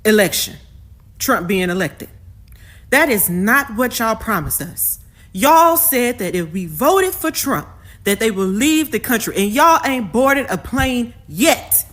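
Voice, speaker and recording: A woman's voice: on the high side, a bit bright. Sarcastic woman venting casually. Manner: exasperated, sarcastic, casual dialect. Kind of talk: casual vlog rant.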